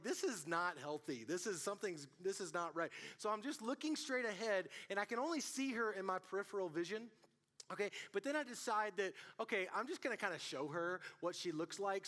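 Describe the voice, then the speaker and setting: A man preaching to a student group as youth pastor, telling stories in an animated way and calling out to the room. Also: high voice. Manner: animated storytelling, calls out to the audience. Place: church hall. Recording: long hall reverb.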